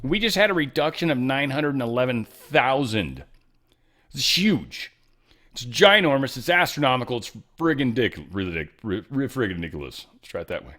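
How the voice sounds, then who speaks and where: A man at a medium pitch hosts a commentary show in a loose, casual way. He is animated and sarcastic, tosses in jokes, and stumbles into restarts and fillers as he goes. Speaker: political commentary show host.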